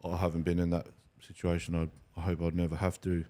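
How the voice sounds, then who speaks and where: A man's voice: deep voice, completely flat delivery, fast talker, dark tone. A man hosting a podcast interview, earnest and sympathetic, restarting words when heated. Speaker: podcast host. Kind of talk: interview conversation.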